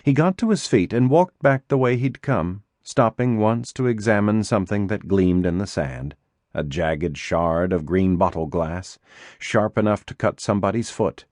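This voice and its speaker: A man narrating a suspense novel in a measured, expressive audiobook reading. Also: lowish voice, dry recording, clean studio sound. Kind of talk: scripted narration.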